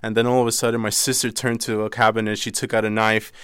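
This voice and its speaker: A young man from the Dominican Republic slowly recounting a painful personal story in an interview, with halting pauses. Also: on the low side, level tone, fairly bright tone, smooth, no echo, studio quality. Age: young adult. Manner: slow, halting, emotional retelling.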